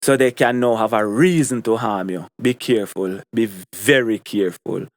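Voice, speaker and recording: A man's voice: fairly low pitch, moderate pace, no echo. Emphatic Jamaican man, dry close sound. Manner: emphatic, repeats his points for stress. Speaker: commentary vlogger. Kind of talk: opinion monologue to camera.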